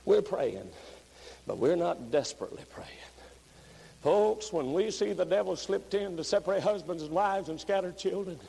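A man preaching a revival sermon, moving from low, plain talk up to high, shouted pleading. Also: expressive, moderate pace, gravelly, husky, rough recording.

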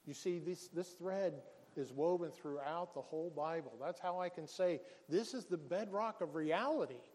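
High-voiced preaching man in a hall. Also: normal speed, darkish tone. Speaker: pastor. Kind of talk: sermon.

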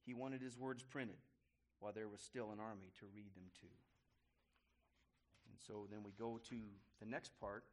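A man reading a history story aloud to listeners, pausing to explain and correcting himself as he goes. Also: on the low side, fairly even intonation. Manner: pauses to explain and restart phrases.

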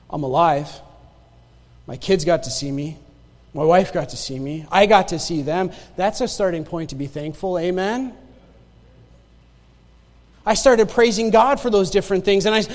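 High-voiced man preaching in a reverberant church. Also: moderate pace, long pauses. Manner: animated storyteller, swings between loud exclamation and quiet asides, laughs often. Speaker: guest preacher giving testimony. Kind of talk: sermon testimony. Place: church sanctuary. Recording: long hall reverb in a church.

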